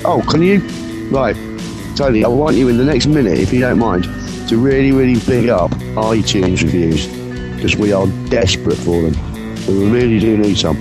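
A man's voice: fairly low pitch, moderate pace, rough recording. A man co-hosting a casual music podcast, cheeky and swearing as he chats with his mouth full. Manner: cheeky, swears, talks while eating. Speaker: podcast co-host. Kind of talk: casual radio banter. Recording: music playing behind.

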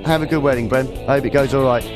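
A man co-hosting a podcast in casual banter, jokey and teasing, quick to laugh. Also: mid-range voice, steady tone. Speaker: podcast co-host. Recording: music playing underneath.

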